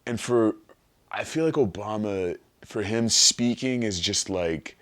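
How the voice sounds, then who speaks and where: A man on a podcast, telling an animated, rambling, profane story in casual chat. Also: on the low side, takes it slowly. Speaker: podcast guest.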